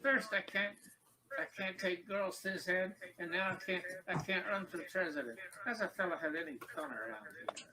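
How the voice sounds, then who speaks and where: A man voicing a cheeky, sassy boy dummy in a ventriloquist comedy act, firing back quick comebacks. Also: high voice, background noise, pitched above the performer's own voice, close to an everyday voice. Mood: complaining.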